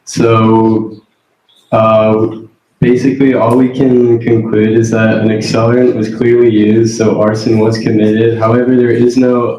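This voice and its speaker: A man's voice: on the low side, dark tone, roomy sound, poor audio. A teenage boy playing an expert witness in a mock trial, answering hesitantly with filler words. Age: teens.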